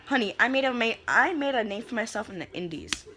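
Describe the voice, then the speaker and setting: A woman's voice: a little high, lively intonation, a little fast, bright, forceful tone. A young woman delivering a heated, profane rant as a vlogger, sassy and fired up, calling people honey. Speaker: vlogger ranting about wrestling.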